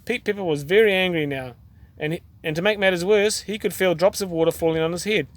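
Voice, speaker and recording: New Zealand dad reading a storybook. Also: male voice, sits high, quick pace. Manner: gentle, expressive reading with small restarts. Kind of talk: reading a children's picture book aloud.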